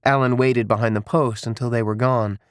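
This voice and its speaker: A man narrating an audiobook in a steady, even storytelling manner. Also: mid-range voice, a little fast, clean tone, no echo, studio quality. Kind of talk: scripted narration.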